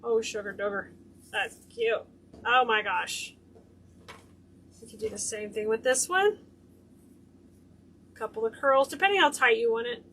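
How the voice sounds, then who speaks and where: A woman's voice: fairly high pitch, moderate pace, pauses often, fairly bright tone, a little hiss or hum. A woman hosting a hands-on wreath-making tutorial, chatting and gushing over her work as she goes. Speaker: craft tutorial host. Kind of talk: hands-on craft demonstration.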